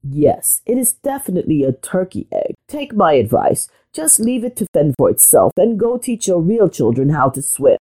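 A woman's voice: fairly low pitch, big pitch swings, moderate pace, few pauses, warm tone, breathy edge. A woman doing a bossy old know-it-all duck. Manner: blunt, advice-giving. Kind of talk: storybook reading.

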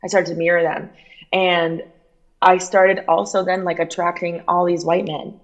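A woman's voice: fairly low pitch, normal speed, poor audio. A young woman with a Miami accent, a podcast guest telling stories animatedly and acting out other people's voices. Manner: animated storyteller who mimics voices. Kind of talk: casual podcast chat.

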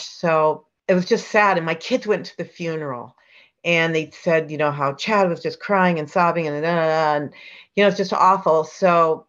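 Middle-aged woman, interview guest, chatty, rambling, low voice, muffled recording. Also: steady tone, normal speed. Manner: chatty, rambling with fillers and restarts. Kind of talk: casual storytelling interview. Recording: dull lo-fi sound.

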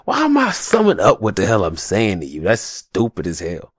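A man's voice: lowish voice, wildly swooping pitch, normal speed, breathy edge, no echo, clean studio sound. A young adult man hosting a solo podcast, talking in a passionate, profane rant full of slang. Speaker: podcast host.

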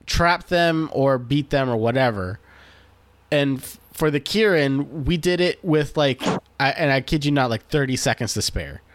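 A man's voice: medium pitch, animated, a little slow, no room sound. A man co-hosting a casual gaming podcast, telling stories animatedly with lots of swearing and fillers. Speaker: podcast co-host.

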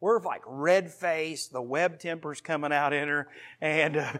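A man's voice: on the high side, normal speed, a bit bright. A man in his thirties preaching a sermon to his congregation, earnest and storytelling, with asides to the listeners. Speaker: pastor.

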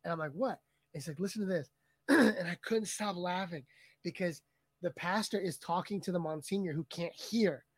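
A man co-hosting a podcast, telling stories with lively energy and frequent laughter. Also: high voice, normal speed, husky, dry recording. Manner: lively storyteller, laughs often. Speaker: podcast co-host and video editor. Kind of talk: casual podcast chat.

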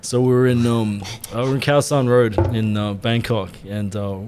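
A man's voice: medium pitch, fairly even intonation, normal speed, background noise. A man co-hosting a podcast, telling rambling, sweary anecdotes and laughing often. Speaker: podcast co-host. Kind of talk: casual storytelling chat.

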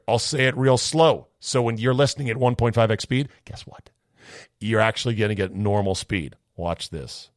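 A man hosting a podcast, reading listener mail in a wry, sarcastic, rambling way, his voice slightly hoarse. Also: fairly low pitch, dry recording, studio quality. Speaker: podcast host.

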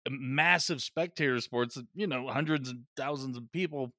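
A man in casual podcast chat, ranting with animated swearing about films and sport. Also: medium pitch, normal speed, no echo, studio quality.

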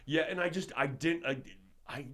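A man's voice: on the high side, moderate pace. A man telling a long, profane story in casual podcast chat, acting out his own reactions. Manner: profane, animated storytelling with voiced asides.

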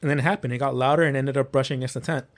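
A man's voice: mid-range voice, fairly even intonation, rapid-fire. Man reading eerie accounts aloud. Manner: reads stories aloud with small slips and restarts. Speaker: podcast host reading paranormal accounts. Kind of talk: casual storytelling podcast.

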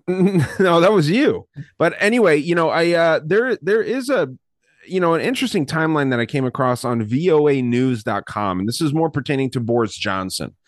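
A man's voice: a little high, expressive, moderate pace, dry recording, clean studio sound. A man hosting a casual podcast chat, rambling and swearing casually while reading from his notes. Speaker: podcast host.

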